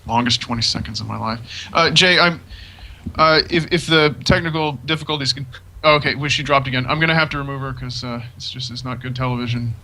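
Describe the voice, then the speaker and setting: A man's voice: mid-range voice, brisk, pushed and bright, slight background noise, rough recording. A man hosting an online panel show, hesitant and full of "uh" fillers as he speaks into a computer mic. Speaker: host.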